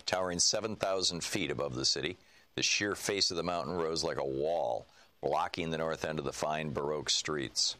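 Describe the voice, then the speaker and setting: A male radio host with a very low voice and a bright, forceful edge. He reads long passages aloud at a steady, measured pace, like a broadcaster presenting a book on air. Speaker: radio talk show host. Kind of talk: radio talk and book reading.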